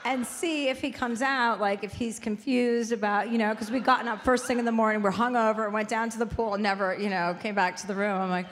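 A woman with a slightly high voice tells a story in casual chat, her delivery animated and full of laughter. She is recorded in a room with a long reverb, and a faint ambient hum sits behind her. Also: a little fast, few pauses. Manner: animated, acts out quotes with big pitch jumps and laughter. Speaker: guest.

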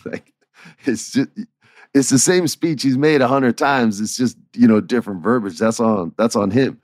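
A man's voice: moderate pace, a little mellow, no echo, clean studio sound. A man in his forties casually telling stories about his old writing job, often laughing and acting out what others said. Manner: laid-back, laughs often, acts out quotes in shifting pitch. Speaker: former writer telling stories. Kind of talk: casual storytelling chat.

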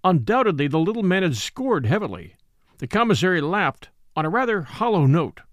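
A male narrator reads a mystery aloud with animated, expressive intonation. His voice sits somewhat high and the recording is close and dry. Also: a little fast, no echo. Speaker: host and narrator. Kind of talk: audiobook narration.

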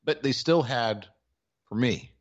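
A man's voice: medium pitch, animated, slow pace, lo-fi sound. A man co-hosting a podcast, telling a sports story in a wry, rambling way with plenty of filler words. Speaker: podcast co-host. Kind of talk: casual sports chat.

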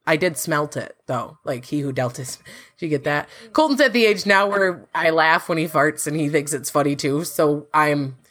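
A woman hosting a casual podcast chat, talkative and quick to laugh, often restarting her sentences. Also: low-pitched, animated, a bit bright. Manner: chatty, laughs easily, rambling restarts. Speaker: podcast host; works in farm market analysis.

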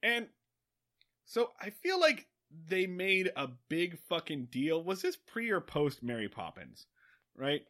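A man co-hosting a podcast, recapping a movie in lively, excitable casual chat. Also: slow pace. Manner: lively, excitable, jumps into high voices for characters. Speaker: podcast co-host.

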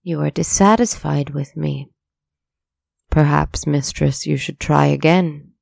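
A storyteller voicing a cold, calm demon who speaks formally and with measured coldness. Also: medium pitch, vocal fry, no echo. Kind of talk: storybook narration with voiced dialogue.

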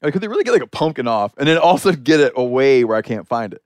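A man hosting a podcast, telling an anecdote in a chatty, animated way full of "like" fillers. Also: medium pitch, fast talker, no room sound. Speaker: podcast host. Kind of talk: casual storytelling conversation.

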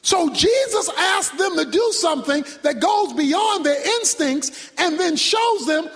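A male pastor preaching a sermon, emphatic, swinging from shouted points to quiet low asides. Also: expressive, measured pace, hardly any pauses, soft background music. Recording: long reverb from a large hall.

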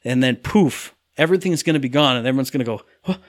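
A man's voice: mid-range voice, fast talker, no echo, clean studio sound. A man co-hosting a casual chat, ranting about a game and mimicking characters' lines in exaggerated voices. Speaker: podcast co-host reviewing a game.

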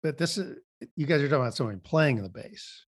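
Husky man, hesitant and practical improviser, dry close recording. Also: mid-range voice, animated, a little fast, no room sound. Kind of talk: improvised comedy brainstorming.

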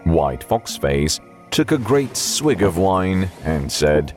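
Deep, slow male audiobook narrator. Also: sing-song, a little mellow, soft background music. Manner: measured storytelling.

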